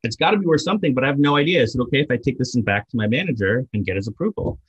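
A man's voice: mid-range voice, lively intonation, racing, slightly rough, highs cut off. A man voicing a chatty, accommodating female bank loan officer inside a told joke. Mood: friendly.

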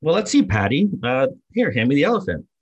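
A man voicing a deadpan male bank manager delivering the punchline of a joke in a matter-of-fact way. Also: on the high side, brisk, gravelly, breathy edge, dull audio, pitched above the performer's own voice, full character voice.

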